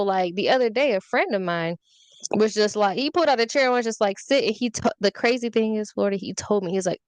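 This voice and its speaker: A woman's voice: medium pitch, clear, resonant tone, no echo. Young woman, podcast guest, sassy storyteller, dry close mic. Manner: petty, candid, animated storytelling with swearing. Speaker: podcast guest, social media influencer. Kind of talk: casual podcast chat.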